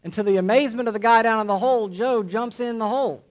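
High-voiced preacher, emphatic and deliberate. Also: male voice. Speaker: pastor. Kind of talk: sermon. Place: church congregation.

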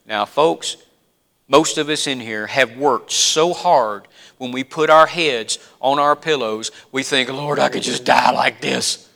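A man preaching a sermon, dropping to a hush and then rising to loud, emphatic appeals. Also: medium pitch, slow, vocal fry. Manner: preaching with wide swings from hushed to loud and emphatic.

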